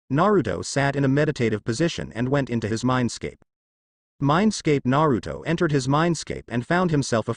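A man narrating a fanfiction story in a steady storytelling way. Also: mid-range voice, no echo, clean studio sound.

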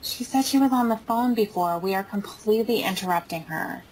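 A woman's voice: mid-range voice, fairly quick, darkish tone, a little hiss or hum. A woman on an archived phone call, speaking in a subdued, defensive way. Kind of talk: phone argument.

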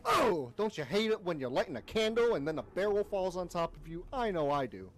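A young man with a high voice talks at a quick pace while streaming a horror game. He's animated and jokey, commenting with jokes and letting out frequent yelps and laughs.

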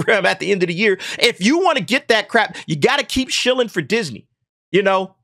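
A man with a high-pitched, sharp voice hosts an opinionated commentary channel, talking casually and mockingly. He laughs often, draws out words for emphasis, and keeps repeating "okay?" and "man".

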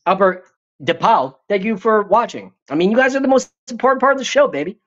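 A man runs a live stream and talks through viewer comments in a casual, rambling way. He swears freely and jokes constantly. His pitch leaps and swoops, and the audio is dull and lo-fi. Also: animated, fast talker, a bit bright. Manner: profane, rambling, joking and hyped.

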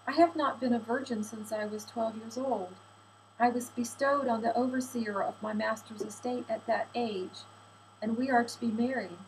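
A woman voicing an affectionate seventeen-year-old slave girl who speaks softly and tenderly. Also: on the high side, slight background noise, natural voice, low-quality recording. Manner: soft, tender, doting.

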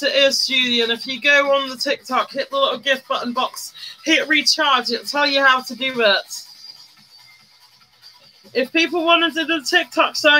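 On a makeup livestream, a woman chats casually, calling out viewers by name and breaking into little snatches of song. Her voice is high and bright with a forceful edge, and the recording quality is low.

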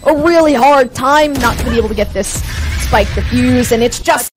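A woman's voice: fairly high pitch, moderate pace, over music, rough recording. A woman casting an esports match live, often stammering and repeating her words. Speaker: esports caster. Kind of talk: live play-by-play commentary. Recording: clear background noise.

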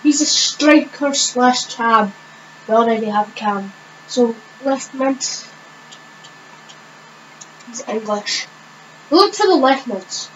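A woman with a fairly high voice talks through a video game at a very slow, unhurried pace, thinking aloud and hesitating often. The recording sounds dull and lo-fi, with a faint hiss underneath. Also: expressive, a bit bright. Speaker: gaming channel host. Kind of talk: casual gameplay commentary.

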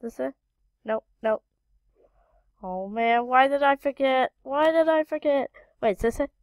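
A woman's voice: high-pitched, measured pace, dry recording, clean studio sound. A woman hosting a gaming channel, giving casual gameplay commentary and muttering to herself while she searches, with frequent exclamations.

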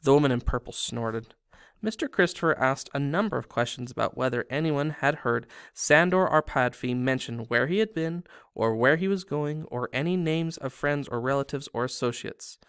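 Man reading a novel aloud, steady narration, smooth resonant voice, close and dry. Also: mid-range voice, moderate pace, no echo. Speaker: reader.

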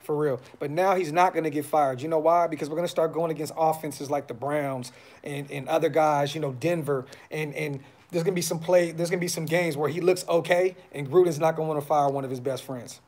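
A man's voice: fairly high pitch, steady tone, a little fast, darkish tone. A man hosting a fan podcast, talking casually on a live stream with frustration, blunt slang and lots of repeats. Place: brother's house.

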